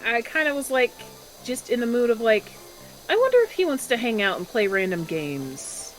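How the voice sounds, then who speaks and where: A woman's voice: fairly high pitch, very animated, moderate pace, soft background music, low-quality recording. A woman chatting casually as a guest on a gaming stream, laid-back and a little hesitant. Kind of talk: casual chat while gaming.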